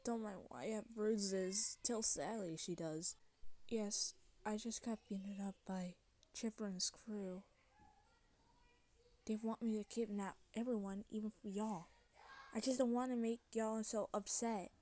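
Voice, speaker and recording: A woman voicing a kind, soft-hearted young female mermaid who drawls and says y'all, in a fan voice-acting story. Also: medium pitch, steady tone, a little slow, natural voice. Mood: sad, troubled.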